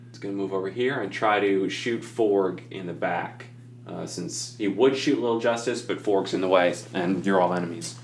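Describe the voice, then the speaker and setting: A man's voice: low voice, normal speed. A man narrating a tabletop game as game master in a casual, laughing, swearing way. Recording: echoey room with faint noise.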